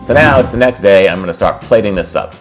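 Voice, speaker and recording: A man's voice: lowish voice, animated, quick pace, faint music behind. A man hosting a cooking video, casually explaining a recipe step by step and then tasting it. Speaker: cooking channel host.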